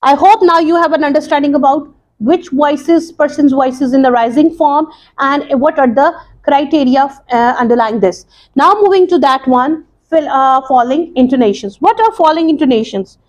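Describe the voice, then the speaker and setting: A woman English teacher explaining a lesson to students, slowly and deliberately, with many pauses and repeats. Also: high voice. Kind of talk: recorded classroom lesson.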